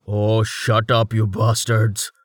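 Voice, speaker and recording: Man doing a hoarse rasping brawler, crude, blunt, swearing, dry close sound. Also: lowish voice, completely flat delivery, slow, no room sound. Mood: grumbling. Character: gruff hoarse male brawler, crude good loser.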